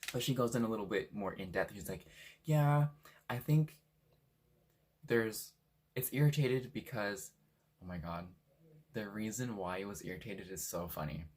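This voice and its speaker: A young man from Washington State telling a story in a casual, animated way, swearing freely and acting out what people said. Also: lowish voice, moderate pace, long pauses, slightly rough. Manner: animated, swears a lot, acts out quotes. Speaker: vlogger.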